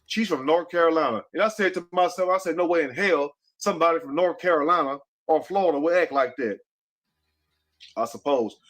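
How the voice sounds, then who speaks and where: A man hosting a commentary show who lectures his viewers with emphatic, preachy talk. His voice sits fairly high for a man. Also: fairly quick, fairly bright tone. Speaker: host. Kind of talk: casual commentary.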